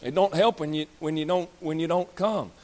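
In a fiery sermon, a pastor in his 30s speaks bluntly and folksily, both joking with and scolding his congregation. His voice is fairly high and a little mellow, at a normal speed.

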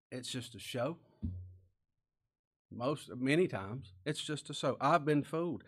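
This male pastor's sermon is homespun and direct, full of rhetorical questions with occasional hushed moments. His pitch runs fairly high.

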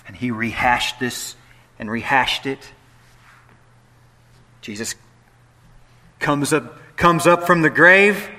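Bright-voiced male pastor preaching. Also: medium pitch, slow, pauses often. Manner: dynamic preaching, swings from soft hushed lines to loud animated ones; playful asides with the congregation. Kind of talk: sermon.

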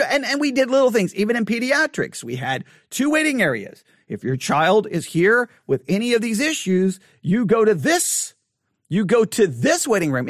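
A middle-aged man telling a story in a casual monologue, animated and acting out what people said, rising toward a shout when exasperated. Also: high-pitched, no room sound, studio quality. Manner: animated, acts out quotes, rises to near shouting when exasperated.

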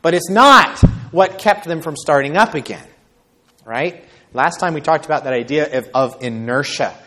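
A pastor with a mid-range, slightly bright voice preaches a sermon, reading from the Bible and talking conversationally. He frequently checks in with listeners using tag questions like "right?".

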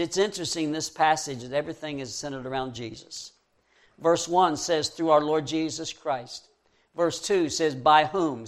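Earnest man preaching a sermon. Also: a little high. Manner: earnest, rising to fervent emphasis, with verse-by-verse scripture reading.

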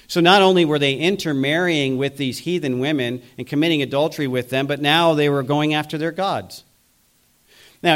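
A man delivering a sermon with an earnest, measured preaching manner. His voice sits a little higher than most men's, and he sometimes takes on a sarcastic tone when he quotes the people he is warning against. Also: a bit bright. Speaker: pastor.

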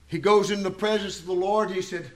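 A man preaching a sermon as pastor, fervent and building to shouts. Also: sits high, steady tone, a little fast.

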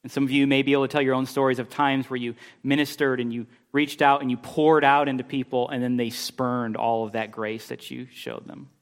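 A middle-aged man preaching a sermon, telling a story with animated, exasperated bursts. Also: a little fast, hardly any pauses, smooth. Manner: animated storytelling, rising pitch when exasperated. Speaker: pastor.

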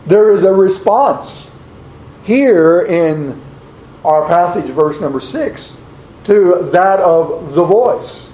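A man preaching a sermon, slowly posing rhetorical questions and reading scripture aloud in old-fashioned wording. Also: high-pitched, expressive, mellow, a little hiss or hum. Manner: slow, deliberate, repeats rhetorical questions. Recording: roomy, dull lo-fi recording.

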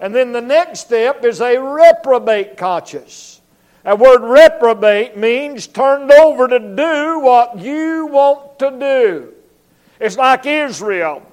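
A male evangelist with a drawl delivers a revival sermon in church. His voice sits very high, and he preaches emphatically, slipping into quick acted-out voices and sound effects. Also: expressive, darkish tone. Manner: emphatic preaching, acts out voices and barking dog.

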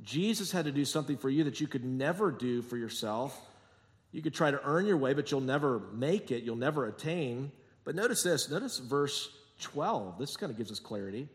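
A man preaching a sermon as pastor, telling jokey stories and acting out quotes, moving between quiet asides and emphatic points. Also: medium pitch, expressive, moderate pace. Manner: jokey, sarcastic storytelling with acted-out quotes. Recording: long hall reverb.

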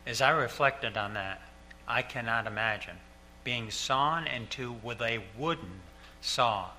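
Bright-voiced older male pastor preaching. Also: mid-range voice, slight background noise. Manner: earnest, repeats key lines slowly for emphasis. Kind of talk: sermon. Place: church sanctuary.

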